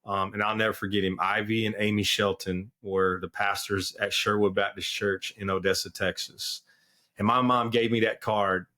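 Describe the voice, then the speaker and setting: A man's voice: fairly low pitch, flat delivery, normal speed, pushed and bright. A man as a podcast guest, telling his personal testimony in an earnest, candid way with plenty of fillers. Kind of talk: personal testimony in casual conversation.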